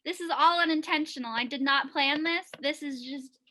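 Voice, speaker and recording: A playful woman with a high, bright voice chats casually in a group. She jokes quickly and keeps the tone light.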